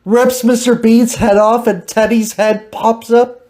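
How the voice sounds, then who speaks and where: A woman host with a slightly high voice, teasing her guest in an unhurried, giggly way and laughing often. She speaks slowly and casually, as if joking with a friend. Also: steady tone, warm tone. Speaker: podcast host. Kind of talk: casual improv chat.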